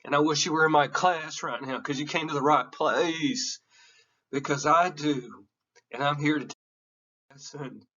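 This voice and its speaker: A man's voice: a little high, pushed and bright, distant mic, highs cut off. A man giving an emotional, earnest classroom lecture, candid and sometimes swearing. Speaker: teacher.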